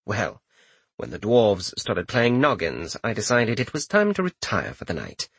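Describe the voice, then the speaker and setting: A man's voice: lowish voice, huge pitch swings, unhurried, gravelly, husky, no room sound, pitched below the performer's own voice, full character voice. A man voicing a disapproving, sour-spoken chamberlain with a stiff, formal manner.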